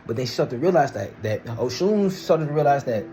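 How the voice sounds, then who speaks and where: A man's voice: medium pitch, animated, brisk, warm tone, slight background noise. A young man retelling a myth in a casual, rambling, slangy way. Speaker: storyteller. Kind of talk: casual storytelling.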